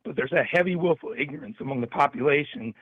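Male radio caller, hoarse worn voice, phone-line sound. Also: on the high side, fast talker, dry recording. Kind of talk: call-in comment on talk radio.

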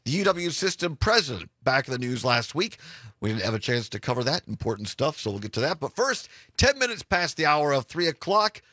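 A man hosting a casual afternoon radio talk show from a studio, speaking with a hoarse voice, chatty and quick to laugh. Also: fairly high pitch, big pitch swings, sharp tone, dry recording. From Wisconsin. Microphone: studio microphone.

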